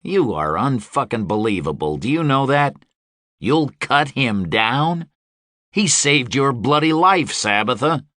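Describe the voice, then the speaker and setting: A male audiobook narrator voicing a foul-mouthed, aging mercenary who rants loudly and sarcastically. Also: mid-range voice, sing-song, measured pace, no room sound, studio quality, pitched above the performer's own voice. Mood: furious. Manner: loud, shouting and sarcastic.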